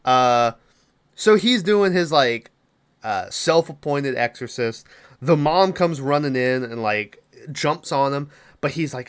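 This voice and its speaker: A young man talks through a horror film's plot on his podcast, casual and profane. He drops in quick quoted lines from the characters. His voice sits in a middle pitch. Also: lively intonation, smooth. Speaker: podcast host. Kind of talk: casual movie recap.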